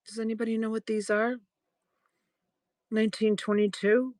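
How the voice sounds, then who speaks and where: A middle-aged Boston woman hosts a casual live-stream sale, rambling through stories, laughing often and tossing in quick asides. Her voice sits on the high side with a darkish tone and flat delivery, and the recording is dry.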